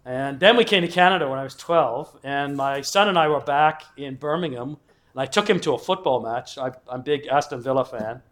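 A man's voice: mid-range voice, a little fast, a bit bright. Chatty English man lecturing. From England. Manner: rambling, chuckling asides, acts out quotes. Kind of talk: casual lecture with anecdotes.

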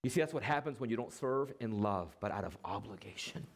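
A man with a lowish voice preaches an animated sermon as a pastor. He asks rhetorical questions, uses dramatic pauses, and acts out the lines he quotes.

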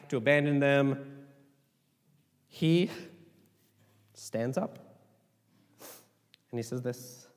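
A man preaching a sermon as pastor, conversational and animated, with asides. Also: a little high. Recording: hall reverb.

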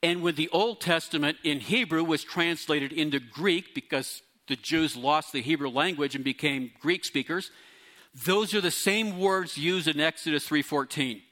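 Middle-aged male pastor, bright slightly high voice, teaching sermon. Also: moderate pace. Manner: teaching, explains Greek words, lively emphasis.

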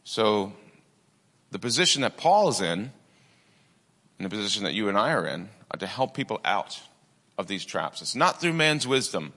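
A man's voice: on the low side, sing-song, normal speed, long pauses, sharp tone, big-room sound. A man preaching a sermon in a conversational way, with many asides and fillers. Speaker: pastor.

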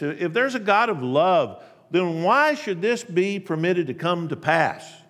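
Man doing a complaining oyster, whiny, raised pitch, long reverb. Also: creaky. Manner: complaining, then forced cheer. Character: self-pitying male oyster, whiny and indignant.

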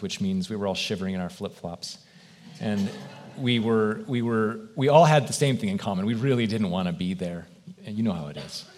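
A man preaching a sermon as pastor, earnest and reflective, posing question after question to his congregation in a church. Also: lowish voice.

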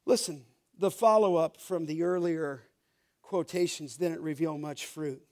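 A male pastor delivers a sermon in a fairly high voice. He reads verses slowly and with emphasis, pausing to ask his listeners to fill in the key word. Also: a little mellow. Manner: emphatic preaching, reads scripture slowly, asks the congregation rhetorical questions.

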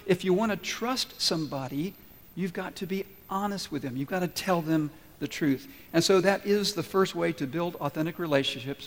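A male pastor preaching a Sunday sermon in a church, earnest and encouraging, with deliberate pauses. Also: fairly high pitch, in a large hall. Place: church sanctuary.

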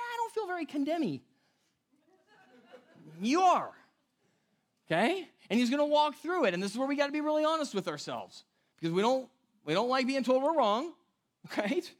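A man preaching a sermon as pastor, casual and conversational, often asking "right?" and acting out the people he quotes. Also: very high voice. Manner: animated storytelling, acting out quoted voices.

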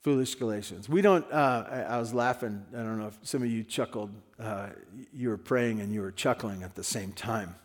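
A man's voice: on the low side, moderate pace, hardly any pauses. A man preaching a sermon in a conversational way, his voice rising and dropping in level. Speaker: pastor.

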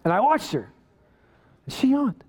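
This is a male pastor delivering a sermon with a notably high-pitched voice. He tells stories in a relaxed, self-deprecating way and then presses his point with real emphasis. He sounds middle-aged. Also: a little slow, slight background noise. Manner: storytelling, self-deprecating and conversational, rising to emphatic preaching.

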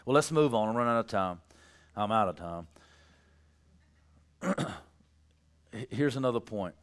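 A man preaching a sermon, telling stories about his children, laughing at his own tales and building to loud emphasis. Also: lowish voice, animated, unhurried. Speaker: pastor.

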